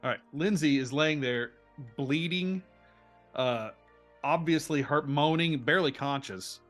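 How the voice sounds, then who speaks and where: A man narrating as game master of a tabletop role-play game, telling the scene in an animated way with frequent restarts. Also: fairly high pitch, measured pace, soft background music.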